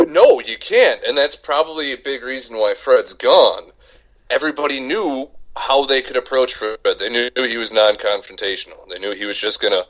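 A man co-hosting a sports podcast, speaking in a dry, wry, measured way. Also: on the low side, a bit bright. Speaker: podcast co-host. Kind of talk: casual sports talk. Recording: dull lo-fi sound.

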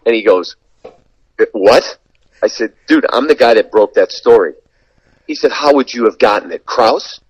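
A sports radio and TV broadcaster with a mid-range, slightly rough voice tells an anecdote in a casual podcast chat, speaking at normal speed and pausing often. He is animated and acts out the quoted voices, and the audio sounds dull.

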